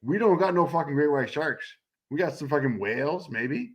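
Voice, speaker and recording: A man's voice: fairly high pitch, lively intonation, normal speed, a crowd in the background. Laid-back swearing man in casual banter. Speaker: co-host of a betting stream. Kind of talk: casual chat.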